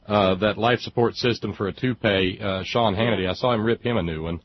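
A man's voice: on the low side, brisk, slight background noise. A man hosting a casual talk, making wry, mocking asides. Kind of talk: casual chat. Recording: dull lo-fi sound.

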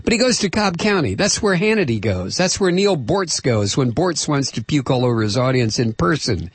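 A middle-aged man ranting on talk radio, combative and sarcastic. His slightly husky voice swings widely in pitch as he builds his anger. It is a dry, close studio sound. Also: big pitch swings, moderate pace, no echo. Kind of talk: political talk radio monologue. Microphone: close studio microphone.

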